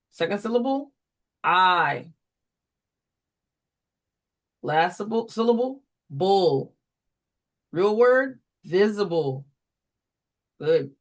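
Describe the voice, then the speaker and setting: A reading tutor leads a phonics drill, prompting each word in turn, spelling it out letter by letter and giving examples, with short asides that explain the method to other tutors. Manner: slow, deliberate call-and-response prompting; steps aside to explain in a lower, quicker voice.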